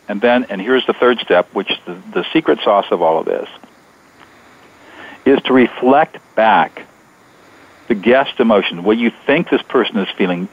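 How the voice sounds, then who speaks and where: Low-voiced man explaining in measured steps. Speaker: guest author. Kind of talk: radio interview. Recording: dull lo-fi radio sound.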